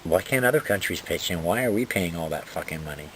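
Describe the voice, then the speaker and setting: A man's voice: low voice, lively intonation, quick pace, fairly bright tone, a little hiss or hum. A man ranting indignantly about politics, reading items from notes and swearing often. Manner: indignant, profane, exasperated. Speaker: political vlogger.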